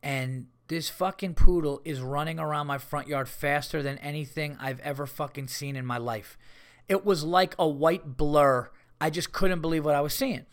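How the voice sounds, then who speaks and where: A man hosting a comedy podcast, telling rambling, profane stories in a casual, animated way. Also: on the high side, moderate pace.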